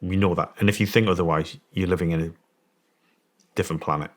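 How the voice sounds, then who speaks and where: A man whose voice sits low talks at a quick pace with a steady tone. As a guest and former special forces soldier, he tells a story casually, wandering off track, restarting many times, and making emphatic points.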